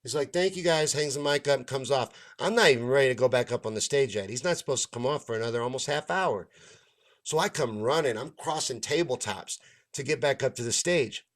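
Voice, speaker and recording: A man's voice: medium pitch, a little fast. A man, a stand-up comedian, telling a long story in a casual rant, swearing freely and acting out the lines of the people in it. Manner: profane, animated, acts out others' lines. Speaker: stand-up comedian and show host.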